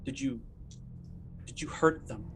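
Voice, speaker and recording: A man's voice: measured pace, a loud crowd, lightly acted. A man playing a hard-pressing interrogator. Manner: pressing, insistent questioning. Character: frustrated male police investigator pressing for a confession. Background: background music.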